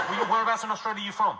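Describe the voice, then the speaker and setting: High, lively-voiced man doing stand-up crowd work. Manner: deadpan, quick, mocking. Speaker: stand-up comedian. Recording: loud noise, live audience hall.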